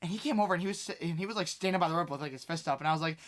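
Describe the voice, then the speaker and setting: A young man hosting a casual podcast, rambling excitedly through fan stories with lots of fillers. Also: a little high, rapid-fire. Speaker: podcast host, wrestling fan. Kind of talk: casual chat.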